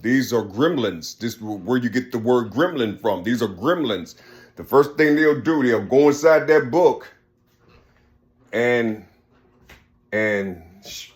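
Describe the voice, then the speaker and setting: A man's voice: mid-range voice, expressive, slow. A man giving a rambling spiritual monologue, repeating himself often. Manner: rambling, repeats "you see" constantly.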